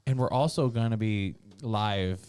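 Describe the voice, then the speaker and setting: A woman co-hosting a youth ministry podcast, playful and quick to laugh. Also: extremely low pitch, mellow, smooth. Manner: bubbly, playful, laughs a lot. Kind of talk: casual chat.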